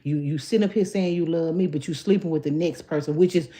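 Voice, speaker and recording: Chatty woman livestreaming. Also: quick pace. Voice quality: lively, jumps to high excited calls. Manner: chatty, talks straight to her viewers. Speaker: livestream host. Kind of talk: casual livestream chat.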